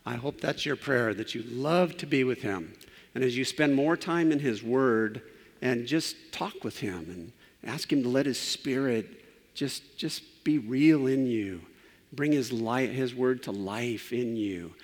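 A man's voice: medium pitch, unhurried, long reverb tail. A man preaching as pastor, telling a story and then closing in earnest prayer to a church. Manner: earnest, trailing off softly in prayer. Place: church sanctuary.

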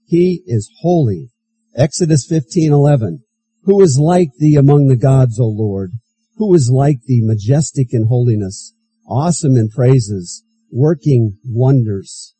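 A man's voice: medium pitch, animated, a little slow, warm tone, slightly rough, poor audio. A man preaching a sermon as pastor, reading scripture aloud and repeating key phrases for emphasis.

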